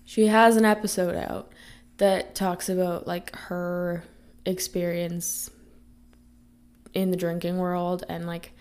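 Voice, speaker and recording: Podcast host, young woman, raspy, gravelly as she's getting sick, chatty and rambling. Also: medium pitch, darkish tone. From Canada. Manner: chatty, rambling with many fillers. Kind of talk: casual chat.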